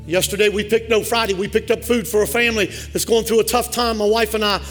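Male pastor, very high-pitched, fervent sermon with call-and-response and shouted peaks, faint music behind. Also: level tone, fast talker. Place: church sanctuary.

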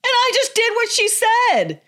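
This is a petulant grown man, whining high and loud as he blames everyone but himself, as a woman puts him on. His voice pitches far above a normal speaking level, and his complaints tumble out. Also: huge pitch swings, a little slow, full character voice. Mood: whiny blaming. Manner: petulant, blaming.

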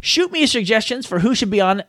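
A man's voice: high voice, animated, brisk, a bit bright, slight background noise. A man hosting a podcast, stumbling over his words and joking about his own mistakes in a casual outtake. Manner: flustered, tongue-tied, laughing at his own slips. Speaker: podcast host.

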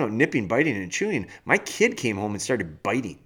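A man hosting a dog-training podcast, delivering a blunt, animated rant in a casual way. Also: fairly low pitch. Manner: blunt, animated, firm and fast-talking. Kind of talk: casual ranting monologue.

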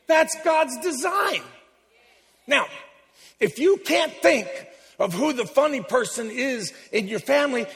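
A man preaching a sermon in a church, exuberant and joking with the congregation, building up to shouts. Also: extremely high pitch, gravelly, long reverb tail. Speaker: pastor.

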